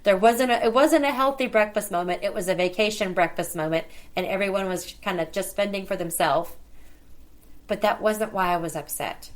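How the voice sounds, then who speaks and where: A woman's voice: mid-range voice, moderate pace. A middle-aged woman hosting a podcast, telling a personal story in a conversational way and bringing the dialogue to life as she retells it. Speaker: podcast host.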